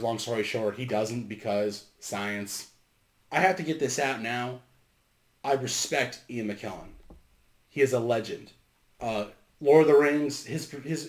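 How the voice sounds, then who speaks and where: A man's voice: mid-range voice, a little mellow. Sarcastic man recapping a movie, roomy echo. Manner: sarcastic, profane, rambling. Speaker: movie review host.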